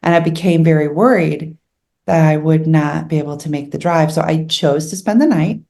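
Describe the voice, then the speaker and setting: A middle-aged woman speaks in a somewhat low voice, recounting her own life as an interview guest. She talks in an earnest, candid way and turns emotional while remembering difficult times. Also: moderate pace, darkish tone. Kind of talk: personal storytelling in an interview.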